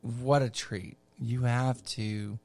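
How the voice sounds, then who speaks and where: A middle-aged man telling a long personal story on a podcast, campy and chatty with unhurried asides. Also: medium pitch, steady tone, a little mellow, no echo. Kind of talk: casual storytelling.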